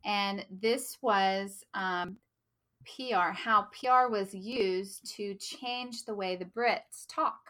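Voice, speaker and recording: American woman cohost, chatty and laughy, medium pitch, bright sharp voice. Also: slow pace. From United States. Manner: bubbly, laughs often. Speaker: podcast co-host. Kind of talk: casual podcast chat.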